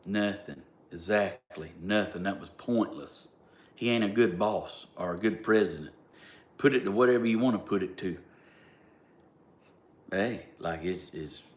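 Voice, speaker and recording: Southern man, vlogger, low-voiced and blunt, talks plain and gets worked up. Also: unhurried, long pauses. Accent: Southern US (Georgia). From Southern United States. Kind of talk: casual storytelling.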